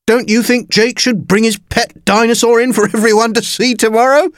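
A man's voice: very high-pitched, fairly even intonation, normal speed, dry recording, studio quality, pitched above the performer's own voice. A man voicing a mocking schoolboy classmate in a teasing tone.

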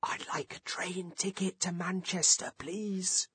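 A muddled grown man asks at a desk, earnest and a bit too loud, with a voice that jumps high, as a man puts him on. His voice is slightly husky and dry, with no room around it. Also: huge pitch swings, normal speed, dry recording, heavily acted. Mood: whispering. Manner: loud and earnest, then whispering. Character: confused adult man at a library desk.

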